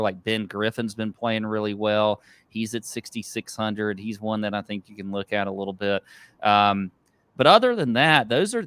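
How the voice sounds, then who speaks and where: A man's voice: on the low side, a bit bright, smooth, dry recording. A man co-hosting a golf betting podcast, talking in a loose, rambling, chatty way. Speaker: podcast co-host. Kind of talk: casual golf betting chat.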